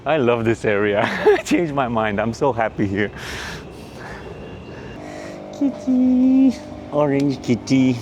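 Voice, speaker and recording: A man's voice: medium pitch, animated, moderate pace, few pauses, lo-fi sound, a little hiss or hum. Rambling man vlogging on a city walk. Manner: rambling, joking, swears casually. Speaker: travel vlogger. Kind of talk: casual walking vlog commentary. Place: outdoors on city streets.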